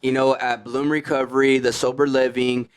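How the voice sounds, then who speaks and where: Slangy, fast-talking man telling his story. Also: mid-range voice, level tone, clean tone. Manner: slangy, fast, fills with "like" and "you know what I mean". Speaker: podcast guest in recovery. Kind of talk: casual storytelling.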